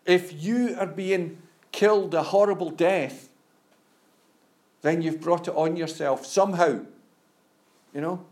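A man's voice: on the high side, darkish tone. A male preacher giving a conversational sermon, often saying "you know" and stammering on restarts.

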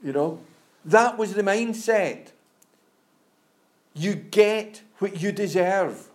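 A man preaching in a chatty, unhurried way, often tossing in "you know" and stumbling on restarts. His voice sits a little high. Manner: conversational, repeats "you know", stammers on restarts. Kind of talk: sermon.

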